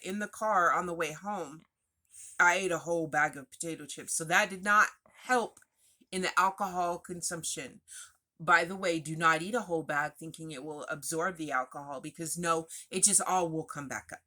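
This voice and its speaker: A woman's voice: on the low side, sharp tone. A woman frankly telling a personal story in a chatty, confessional way with asides. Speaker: vlogger sharing personal recovery story.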